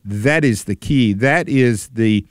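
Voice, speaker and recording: Earnest guy on faith radio, smooth clear voice, dry close mic. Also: mid-range voice, slow, no room sound. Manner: earnest, emphatic. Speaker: radio co-host. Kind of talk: casual radio conversation.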